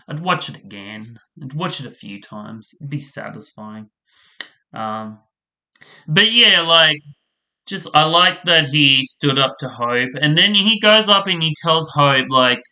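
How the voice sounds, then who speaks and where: A man's voice: medium pitch, sharp tone. A man casually ranting as he reviews a soap opera, rambling, exasperated and swearing freely.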